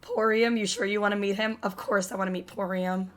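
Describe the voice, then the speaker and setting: A chatty, jokey young woman streaming a game and talking casually to her viewers. Her voice sits at a middling pitch. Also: steady tone, fairly quick, a crowd in the background. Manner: chatty, jokey, reading chat aloud. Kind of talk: casual live-stream commentary.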